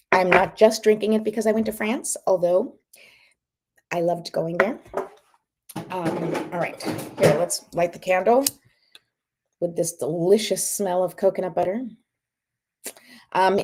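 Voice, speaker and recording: A woman's voice: medium pitch, darkish tone. Chatty woman hosting a livestream. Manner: chatty, encouraging, checks in with viewers. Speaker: host. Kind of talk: casual livestream talk and guided breathing.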